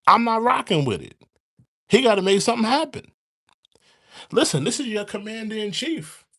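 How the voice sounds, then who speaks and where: A man with hosts a casual commentary stream. He talks in a high, lively voice that jumps around in pitch, circling back to the same points over and over. His delivery is loose and animated, like a live rant to his chat. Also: normal speed. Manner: animated, repetitive, rants and mock-sings. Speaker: commentary show host.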